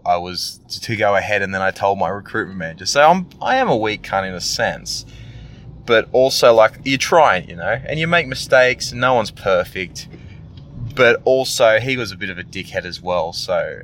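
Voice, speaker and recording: A man's voice: lowish voice, fairly bright tone. A young Australian man, a tradesman, venting bluntly and with heavy swearing in a casual monologue. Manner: blunt, profane ranting.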